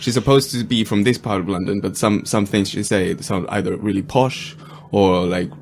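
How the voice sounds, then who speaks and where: A man's voice: lowish voice, fairly even intonation, moderate pace, creaky, a little mellow, slight background noise. A man in casual podcast chat, hesitant and stammering through restarts.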